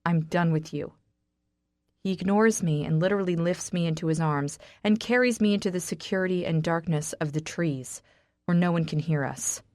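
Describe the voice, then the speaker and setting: A woman reading a first-person romance audiobook in an intimate, steady way. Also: lowish voice, a little fast, no echo, studio quality. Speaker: audiobook narrator.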